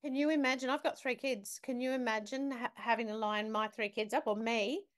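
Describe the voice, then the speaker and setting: Speaking briskly in a fairly high, steady voice, a business academic guesting on a talk show narrates a story. Her conversational telling is vivid and emphatic, and she puts questions directly to the listener.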